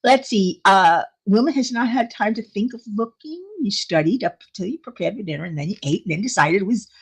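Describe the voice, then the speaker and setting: A woman's voice: mid-range voice, expressive, brisk, slightly rough. A woman hosting a casual livestream, chatting with viewers, laughing often and reading out their comments. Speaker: livestream host.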